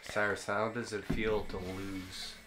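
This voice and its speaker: A young man hosting a casual gaming session, trash-talking and breaking into loud, cursing outbursts. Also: lowish voice, flat delivery, unhurried, very noisy. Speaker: gaming podcast host. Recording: music playing behind.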